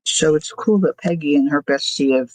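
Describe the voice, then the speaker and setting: On a dry, rough recording, a woman with a low, slightly mellow voice speaks at normal speed while crafting on a livestream. She chats casually, thinks out loud and replies to viewers' comments as she works.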